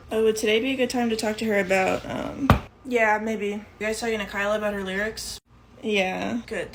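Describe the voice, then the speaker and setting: A woman's voice: mid-range voice, a little hiss or hum. A young woman performing short comedy sketches, playing every part herself with a dry, matter-of-fact delivery.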